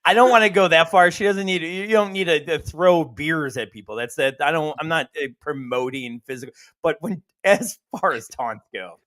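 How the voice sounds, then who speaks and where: A man's voice: a little high, moderate pace, a bit bright. A man in casual podcast banter, laughing often and swearing casually. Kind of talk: casual chat.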